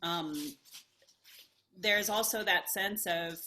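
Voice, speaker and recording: A woman sharing her thoughts in a casual group video call, thoughtful and hesitant, with many pauses and fillers. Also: medium pitch, fairly even intonation, bright, forceful tone, a little hiss or hum. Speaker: study group participant.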